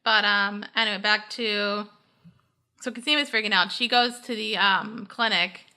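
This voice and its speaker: Bright-voiced chatty young woman. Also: medium pitch, steady tone, moderate pace. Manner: chatty, heavy use of "like", acts out characters' lines. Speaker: podcast co-host. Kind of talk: casual recap chat.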